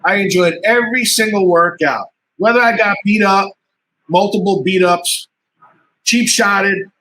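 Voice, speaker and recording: On a low-quality recording with slight background noise, a martial artist speaks in a high, unhurried voice. Relating stories in a casual interview, he stays animated, laughs a lot, and acts out others' words.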